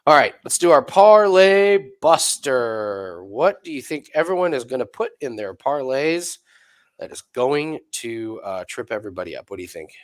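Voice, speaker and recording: A man's voice: medium pitch, big pitch swings. Guy rambling thru fight picks on a betting podcast, lots of restarts, normal mid voice. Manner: loose, rambling, quick asides and restarts. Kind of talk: casual sports betting chat.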